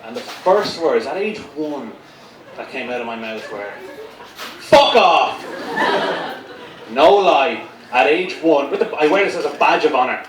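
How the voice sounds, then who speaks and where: A man's voice: medium pitch, lively intonation, normal speed. A man performing a live stand-up set, sardonic and foul-mouthed, rambling through his stories. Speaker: stand-up comedian. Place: comedy gig venue, indoors. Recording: roomy, distant mic, crowd noise. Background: audience laughter.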